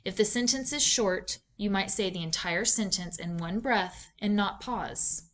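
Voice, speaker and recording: A woman talks through a reading lesson in a clear, measured teacher's voice, with a pitch that sits in the middle. She paces her scripted narration evenly and poses questions as if to a class. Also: a bit bright. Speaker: reading instructor.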